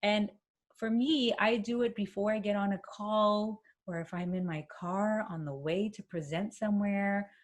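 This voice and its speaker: A woman presenting a workshop, demonstrating a vocal warm-up with hums and chants and encouraging her listeners. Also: medium pitch, fairly even intonation, normal speed. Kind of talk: instructional workshop talk. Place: home, speaking to camera.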